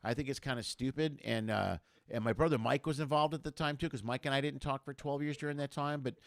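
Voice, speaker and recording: Middle-aged male comic guest, rapid animated storyteller, dry close mic. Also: medium pitch, vocal fry, no echo. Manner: animated storyteller, acts out quoted voices. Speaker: comedian guest. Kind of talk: casual storytelling chat.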